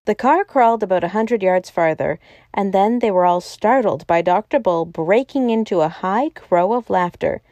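A woman narrates a novel in a steady, measured audiobook reading. Her voice is mellow and warm, and the recording is dry and close with no room sound. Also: mid-range voice, no echo. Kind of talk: scripted storybook narration.

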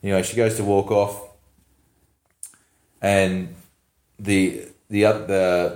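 A man co-hosts a casual film chat, rambling through the plot with fillers and laughter. His voice sits at an ordinary pitch, and the room gives it a noticeable echo. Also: fairly even intonation, slow, pauses often, darkish tone. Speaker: podcast co-host. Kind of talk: casual movie recap chat. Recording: echoey room.

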